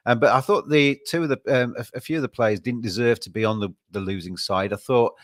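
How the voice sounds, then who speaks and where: A man hosting a podcast, talking in a measured way with frequent ums and restarts. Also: mid-range voice, no echo, studio quality. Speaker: podcast host. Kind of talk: casual podcast chat.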